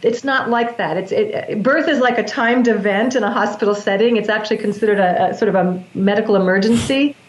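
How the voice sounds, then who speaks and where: A woman's voice: medium pitch, a little fast, hardly any pauses. A woman, a breath work practitioner, earnestly explaining her practice in an interview, often restarting her sentences. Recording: echoey, dull lo-fi sound.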